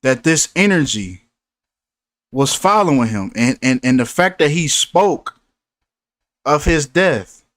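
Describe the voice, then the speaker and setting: A man's voice: medium pitch, expressive, takes it slowly, long pauses, a bit bright, no room sound, studio quality. A man hosting a casual commentary, preachy in tone and repeating himself for emphasis. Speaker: host.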